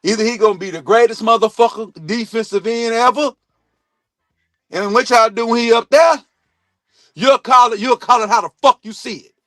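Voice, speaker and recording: A man hosting a sports talk stream, ranting bluntly and swearing a lot, jumping between loud outbursts and low mutters. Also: fairly even intonation, normal speed, no room sound, faint music behind. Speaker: sports talk show host. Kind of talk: profane sports opinion rant. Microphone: streaming mic.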